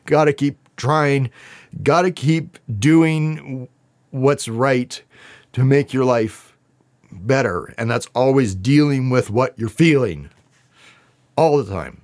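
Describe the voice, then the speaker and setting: A man talking to camera as he reacts to song lyrics, earnest, spiritual and emotional, laughing often as he speaks. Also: mid-range voice. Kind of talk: heartfelt lyric reaction commentary.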